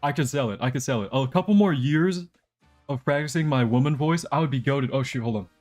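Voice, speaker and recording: With faint music underneath, a young man rambles and cracks jokes to his chat during a live game stream. His medium-pitched voice is a little mellow and moves a little fast.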